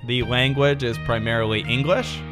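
A man's voice: medium pitch, steady tone, moderate pace, music in the background. A man hosting a podcast in casual chat, joking and laughing as he reads out facts about a country. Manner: jokey, laughs often, reads facts aloud. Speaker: podcast host.

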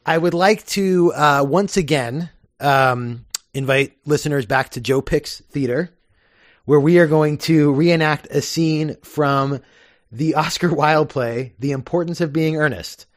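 A man's voice: on the high side, unhurried, no room sound, studio quality. A man hosting a casual podcast, chatty and explaining with plenty of fillers. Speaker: podcast host.

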